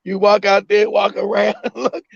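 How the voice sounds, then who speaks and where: Emphatic high-voiced man, dull lo-fi audio. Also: level tone, unhurried, gravelly, slightly rough. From United States. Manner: emphatic, repeats himself, acts out a mother. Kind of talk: casual chat. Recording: dull lo-fi sound.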